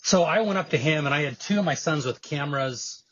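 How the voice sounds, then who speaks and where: A man's voice: fairly high pitch, fairly quick, no room sound, muffled recording. A man guesting on a podcast, telling stories and making his case in an earnest, emphatic way. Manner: animated storyteller, earnest and emphatic. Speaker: guest, evangelist and film producer. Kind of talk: storytelling interview answer.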